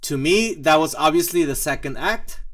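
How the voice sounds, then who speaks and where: A man's voice: on the high side, lively intonation, moderate pace, fairly bright tone. A man hosting a casual walkthrough vlog about his own music, rambling and joking with many fillers and mock asides. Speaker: composer and channel host.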